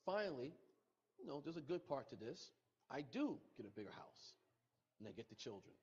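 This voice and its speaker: With a sing-song, mid-range voice, a breathy edge, and normal speed, a middle-aged man recounts a painful personal loss as a podcast guest. He's emotional and repetitive, quoting others' words, and the audio is muffled.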